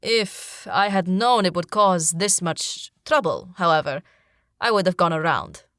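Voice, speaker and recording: A woman's voice: lowish voice, animated, measured pace, fairly bright tone, dry recording, clean studio sound. A woman reading an audiobook, voicing a loyal, protective male warrior companion who speaks formally and sternly. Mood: earnest.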